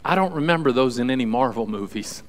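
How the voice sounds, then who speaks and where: A man's voice: mid-range voice, expressive, quick pace, big-room sound, slight background noise. A male pastor preaching a sermon to a congregation in an earnest, conversational way. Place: church hall with audience.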